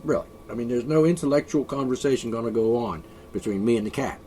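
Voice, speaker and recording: A man's voice: mid-range voice, quick pace, mellow, a little hiss or hum. A man vlogging an opinionated, rambling monologue, sarcastic and sighing often. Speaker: video blogger.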